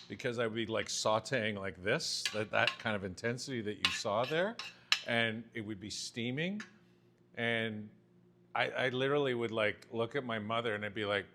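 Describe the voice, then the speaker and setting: A man's voice: lowish voice, normal speed, noisy background. A man in his fifties, a chef giving a chatty, joking cooking demonstration. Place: home-style kitchen. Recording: kitchen clatter of pans and cutlery.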